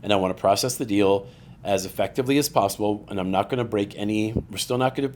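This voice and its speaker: A man's voice: on the low side, fast talker, a little hiss or hum. A man guesting on a podcast, chatting casually and acting out quotes as he tells stories. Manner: animated storyteller, acts out quoted voices. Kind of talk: casual chat.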